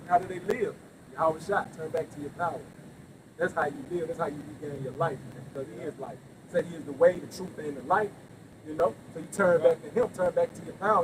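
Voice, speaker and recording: A man preaching outdoors on a street, asking rhetorical questions and answering them himself with emphasis. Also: on the high side. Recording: outdoor street noise, passing traffic.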